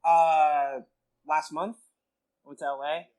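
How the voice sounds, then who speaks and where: A man co-hosting a podcast, talking in a relaxed, meandering way. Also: a little high, takes it slowly. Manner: relaxed, meandering, lots of "like" fillers. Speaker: podcast co-host. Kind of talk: casual chat.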